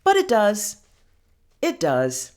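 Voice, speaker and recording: A woman giving a heartfelt self-help talk as a healing coach, speaking gently and soothingly and calling the listener honey. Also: mid-range voice, huge pitch swings, slow. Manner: affectionate, calls listener honey and girl.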